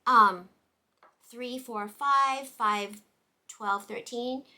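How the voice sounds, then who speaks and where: Bright-voiced chatty woman teacher. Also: fairly high pitch, drawn-out words, rough recording. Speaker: teacher and podcast host. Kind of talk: casual chat.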